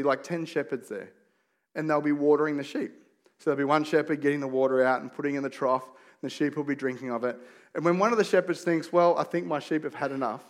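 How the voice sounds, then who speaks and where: A middle-aged man preaching a sermon as a pastor, in a conversational, storytelling way with rhetorical questions and casual asides. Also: on the high side.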